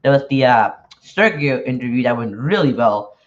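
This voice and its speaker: A man's voice: medium pitch, animated, moderate pace. A man chatting casually on a livestream while he works, sounding nervous and hesitant, with frequent restarts and filler words. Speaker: podcaster and newsletter writer. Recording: dull lo-fi stream audio.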